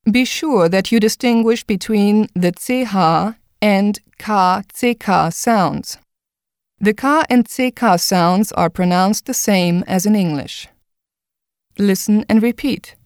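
A woman explaining pronunciation in a measured, scripted teaching style. Her voice is smooth and clear. The recording is dry and close. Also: mid-range voice, darkish tone, dry recording. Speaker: language instructor. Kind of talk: scripted instructional narration.

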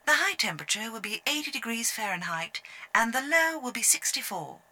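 Woman reading a forecast, bright, lively intonation, careful and even. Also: a little high, a little fast, a little hiss or hum. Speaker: sample reader. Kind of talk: read weather forecast.

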